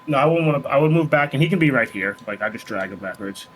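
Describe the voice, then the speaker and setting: A man's voice: medium pitch, expressive, fast talker, a little hiss or hum, rough recording. A man playing a druid in a tabletop game, talking casually and hesitantly with many fillers. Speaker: player.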